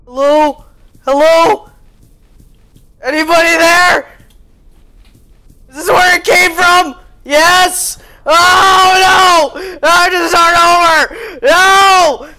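A woman playing a horror game, jumpy and shrieking in panic, then muttering quietly between scares. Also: extremely high pitch, fairly even intonation, very slow, pauses often, noisy background. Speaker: gamer. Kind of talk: horror game let's-play commentary. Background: game music.

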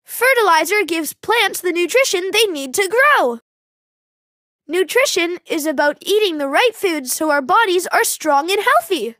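A woman narrating a children's educational program in a clear, teacherly way. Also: extremely high pitch, expressive, measured pace, bright, forceful tone, dry recording. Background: faint music.

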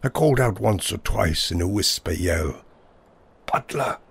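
A man's voice: low-pitched, animated, moderate pace, gravelly, husky. A man narrating a whimsical first-person story in a wry, wordy style.

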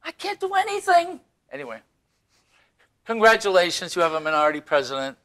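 A man hosting a casual local political talk show, jokey and animated, getting loud as he tells stories. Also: high voice, a little fast. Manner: animated, jokey, raises voice when telling stories.

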